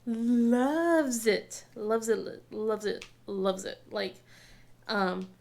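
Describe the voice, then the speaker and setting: A woman's voice: on the high side, steady tone, very slow, vocal fry, darkish tone. A woman in her thirties chatting casually while crafting, telling family stories with frequent laughter and acted-out quotes. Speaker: craft vlogger.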